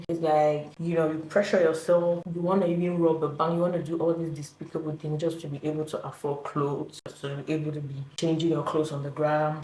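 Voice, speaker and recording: Low-voiced chatty woman vlogging in an echoey room. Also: mellow. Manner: chatty, often asks "you get what I mean?". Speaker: content creator. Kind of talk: casual vlog chat. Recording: echoey room, faint background noise.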